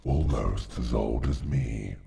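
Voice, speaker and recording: A man putting on the voice of a creaky, ancient old man who speaks in a slow, deep croak. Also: mellow, slight background noise, full character voice. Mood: wry. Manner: slow drawl.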